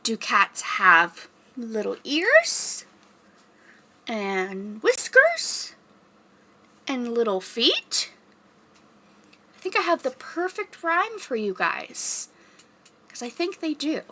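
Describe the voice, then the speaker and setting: A young woman rehearsing a children's story time, reading aloud in an animated, sing-song teacher voice and making animal noises. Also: on the high side, extremely slow, long pauses, a little hiss or hum.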